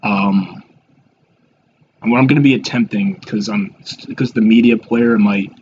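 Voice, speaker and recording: Male YouTuber, 20s, low-ish voice, halting and self-mocking, muffled lo-fi recording. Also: fairly even intonation, darkish tone, slight background noise. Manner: rambling and halting, with many fillers and restarts; self-deprecating. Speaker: YouTuber reacting to his old videos. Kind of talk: casual reaction commentary.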